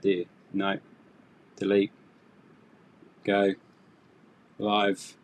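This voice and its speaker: A man teaching English on a live stream, chatty and rambling, with self-deprecating asides. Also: fairly low pitch.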